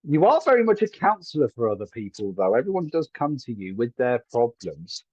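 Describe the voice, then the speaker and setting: A man's voice: medium pitch, very animated, a little fast, slightly rough, no echo, dull audio. A man giving live psychic readings to viewers from a room at home, chatty and hedging, often checking whether his words make sense. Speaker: psychic medium.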